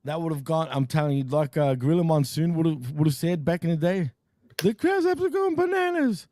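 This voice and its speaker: An Australian man chats about wrestling, laughing often and ribbing his co-host. His tone is mellow and relaxed, and the sound is dry and close. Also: on the high side, quick pace, no room sound. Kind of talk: casual livestream chat.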